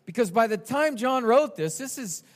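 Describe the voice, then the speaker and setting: A man preaching an expository sermon, animated and swinging from quiet asides to shouted quotes. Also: very high voice, moderate pace. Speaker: pastor.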